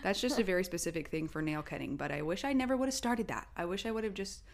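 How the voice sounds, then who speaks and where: A young adult woman co-hosting a casual parenting chat, talking in a chatty way and acting out quotes with lively bursts. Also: on the low side, quick pace, gravelly. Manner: chatty, quotes herself and her toddler in animated bursts. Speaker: podcast co-host.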